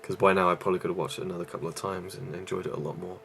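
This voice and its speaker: Breathless man with a low, gravelly voice. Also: level tone, rapid-fire, background noise. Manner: rambling, with many fillers and restarts. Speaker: YouTube movie reviewer. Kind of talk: casual vlog review.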